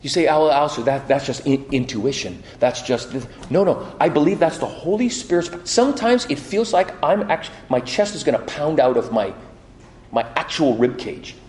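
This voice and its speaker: Animated preacher in an echoey hall. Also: male voice, on the high side, moderate pace, slight background noise. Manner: animated storytelling with quoted voices and restarts. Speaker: pastor. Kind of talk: sermon.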